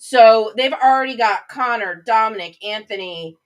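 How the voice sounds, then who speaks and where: A woman's voice: a little high, normal speed, poor audio. Chatty woman hosting a livestream. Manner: chatty, rambling, greets viewers by name. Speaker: livestream host. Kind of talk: casual livestream chat.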